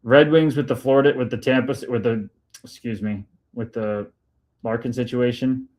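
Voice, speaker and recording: A man hosts a casual livestream and reads out chat comments. He talks in a loose, excitable way, swears freely and keeps hyping up his viewers. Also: mid-range voice, normal speed. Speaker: livestream host reading chat.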